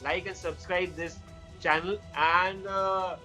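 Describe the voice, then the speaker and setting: A man with an Indian accent co-hosting a casual cricket chat, excitable and laughing, slipping into Hindi. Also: sits high, slow, soft background music, low-quality recording. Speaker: co-host.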